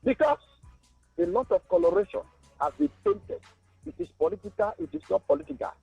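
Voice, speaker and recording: A man's voice: very high-pitched, very animated, gravelly, breathy edge, dry recording, highs cut off, soft background music. Heated man calling in. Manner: heated, halting with many fillers. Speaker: caller. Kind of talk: impassioned call-in.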